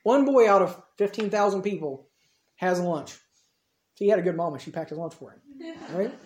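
A man's voice: high-pitched, moderate pace, a little hiss or hum. A man preaching a storytelling sermon in a casual, conversational way. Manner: conversational, acts out dialogue in the retelling. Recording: roomy echo.

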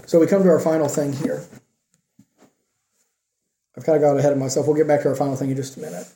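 A man's voice: a little high, steady tone, fast, dark tone, echoey room. A man preaching a sermon in an earnest, conversational way with rising emphasis.

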